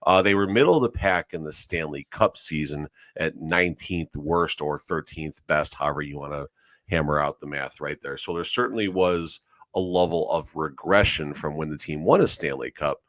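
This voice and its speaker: A man's voice: a bass voice, normal speed, fairly bright tone, dry recording. A man co-hosting a sports podcast in casual chat, rambling and often correcting himself. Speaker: podcast co-host.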